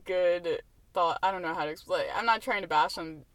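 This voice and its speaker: A young woman with a lowish voice hosts a podcast from her car, talking at a moderate pace. Her casual chat rambles, packed with fillers and laughter.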